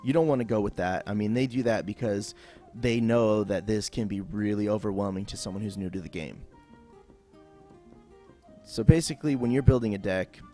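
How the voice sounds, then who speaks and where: A man with a lowish voice walks through a video game tutorial in an easygoing, off-the-cuff voice-over. He rambles a bit and leans on fillers. Soft music plays faintly underneath. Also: moderate pace. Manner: casual and rambling, with many fillers. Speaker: gameplay tutorial host.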